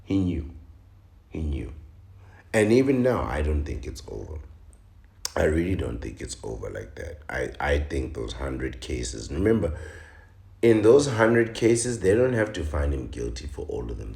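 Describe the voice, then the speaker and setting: Very deep, gravelly man in an echoey room. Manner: slow, dramatic, mocking delivery with sudden loud exclamations. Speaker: commentary channel host. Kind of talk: commentary reading and reacting to a news article.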